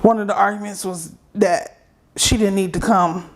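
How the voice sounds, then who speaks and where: A middle-aged woman, an interview guest, telling a personal story in a halting, unhurried way with many pauses. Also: medium pitch, fairly even intonation. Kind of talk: personal testimony in conversation.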